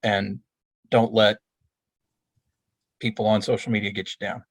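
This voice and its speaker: A man's voice: fairly low pitch, level tone, measured pace, no room sound. Earnest man guest, dry sound. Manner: earnest, reminiscing. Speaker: podcast guest. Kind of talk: casual chat.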